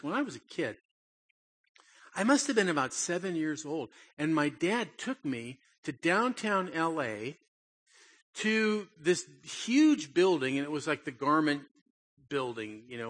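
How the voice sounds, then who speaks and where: Husky, bright-voiced older preacher. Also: male voice, fairly high pitch. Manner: animated storytelling, acts out childlike pleading. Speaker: pastor. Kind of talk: Christmas sermon.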